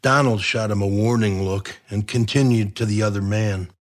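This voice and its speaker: A man's voice: on the low side, fairly even intonation, normal speed. Man narrating a comic crime story. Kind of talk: audiobook narration.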